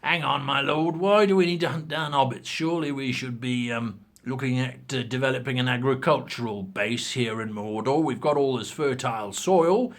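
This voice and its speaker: A man's voice: mid-range voice, normal speed, few pauses, lightly acted. A man doing a genteel orc with big plans. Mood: eager. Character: polite enterprising male orc dreaming of vineyards.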